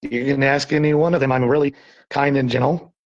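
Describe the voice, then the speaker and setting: A man from Texas on a live-streamed ghost hunt, talking softly and reassuringly to an unseen presence in an old building. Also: medium pitch, steady tone, fairly quick, highs cut off. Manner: soft, coaxing, reassuring. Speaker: paranormal investigator. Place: old saloon building at night.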